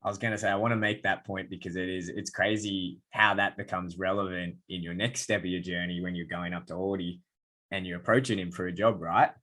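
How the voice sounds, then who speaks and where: A male podcast host with a notably deep, low voice. He talks eagerly and conversationally, building up long setups before each question. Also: steady tone, a little fast, sharp tone. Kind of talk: conversational interviewing.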